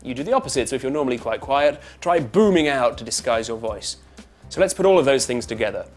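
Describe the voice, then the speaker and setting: A twangy British man in a voice lesson, talking loud and quick with sharp, precise consonants. His pitch sits in a middling range and swings up and down as he explains. Faint music plays underneath. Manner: lively up-and-down intonation; fast talker. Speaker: actor and voice coach. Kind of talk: instructional talk to camera.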